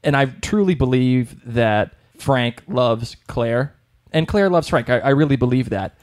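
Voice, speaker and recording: A man's voice: mid-range voice, animated, measured pace, darkish tone. Chatty man with a Boston accent. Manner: chatty, rambling, with frequent restarts. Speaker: podcast co-host. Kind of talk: casual chat.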